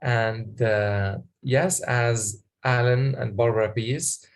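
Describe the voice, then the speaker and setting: Man, gravelly voice, workshop presenter, halting explanations, questions to the audience. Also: medium pitch. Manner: halting, explanatory, many fillers.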